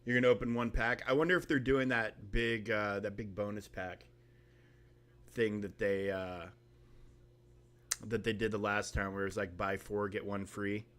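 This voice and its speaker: A man with a somewhat low voice hosts a casual live game stream. He rambles along, filling pauses with ums and uhs as he thinks aloud. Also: level tone, a bit bright. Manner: rambling, chatty, full of fillers. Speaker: streamer host.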